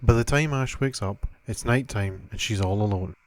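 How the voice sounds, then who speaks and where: A man narrating a children's adventure story in a calm, steady way. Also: on the low side, moderate pace, no echo.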